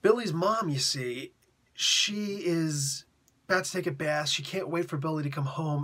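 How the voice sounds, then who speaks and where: Husky man retelling a comic. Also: fairly high pitch, normal speed, a bit bright. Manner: chatty, slangy, laughs often. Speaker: comic book reviewer. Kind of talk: casual retelling of a comic story.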